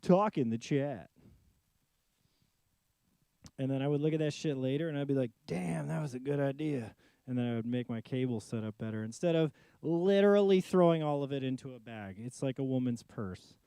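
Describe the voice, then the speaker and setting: A man's voice: mid-range voice, a little fast, warm tone, smooth, no echo. A man casually chatting to himself during a live music stream, rambling and joking while he troubleshoots his gear in a home studio.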